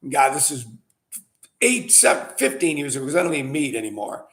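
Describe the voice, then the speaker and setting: Gravelly, chatty middle-aged man host. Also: mid-range voice, brisk, fairly bright tone. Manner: rambling, chatty, full of fillers and asides. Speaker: winery owner and show host. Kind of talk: casual storytelling and wine tasting.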